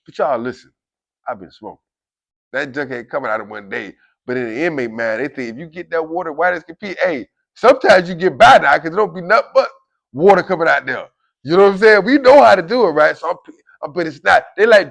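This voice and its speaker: A man telling a story in a casual, animated way, often turning to his listeners and acting out the voices of others. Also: fairly high pitch, brisk, gravelly. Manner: animated, keeps addressing listeners directly; acts out quoted voices of guards and inmates. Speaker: storyteller recounting prison life. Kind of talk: casual spoken storytelling to camera.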